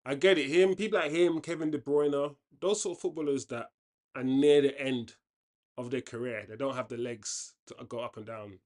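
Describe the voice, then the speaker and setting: A man hosts a football watchalong and chats casually about the match. He is opinionated and restarts his sentences often. His voice sits at an everyday middle pitch. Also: steady tone, moderate pace, darkish tone. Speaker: watchalong host.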